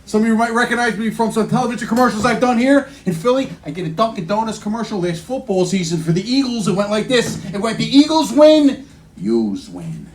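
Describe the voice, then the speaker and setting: A man doing a loud, punchy stand-up comedy set on a club stage. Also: very high voice, quick pace. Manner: loud, punchy delivery working the crowd. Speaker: stand-up comic. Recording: live club recording with crowd noise.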